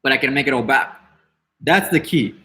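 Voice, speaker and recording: A man's voice: mid-range voice, normal speed, sharp tone. A man hosting a podcast, ranting casually in a brash, defiant way, swearing freely and rambling with many restarts. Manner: dismissive and defiant. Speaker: podcast host. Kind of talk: casual unscripted rant.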